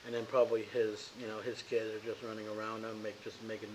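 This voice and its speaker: A man's voice: on the low side, monotone. A man playing a tabletop game, describing his character in a slangy, casual way with lots of "you know". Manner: fast, slangy, says "bro" and "you know" a lot. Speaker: player. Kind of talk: casual tabletop role-play. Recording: dull lo-fi with faint hiss.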